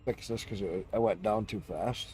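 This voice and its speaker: A man's mellow, fairly low voice moves at a moderate pace over slight background noise as he streams live. Chatting casually, he rambles on about his pets, curses freely, and slips into meows and other cat and dog impressions.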